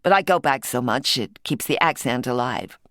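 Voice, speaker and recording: A woman's voice: rumbling low, lively intonation, moderate pace, fairly bright tone, no room sound, studio quality, pitched below the performer's own voice. A woman reading the part of a chatty, wry American woman antiques dealer of about fifty, in an audiobook.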